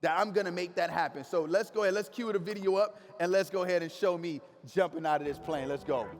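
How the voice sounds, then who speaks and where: A motivational speaker with a high voice and quick pace delivers an energetic, preachy speech to a live crowd in a large hall with long reverb. He talks in slang and has the audience repeat after him.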